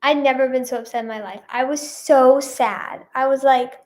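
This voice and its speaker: A woman's voice: high voice, fairly even intonation, moderate pace, a little mellow. A woman vlogger chatting casually through a storytime, rambling with lots of fillers and repeats, and leaning dramatically on her feelings. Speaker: singer and vlogger.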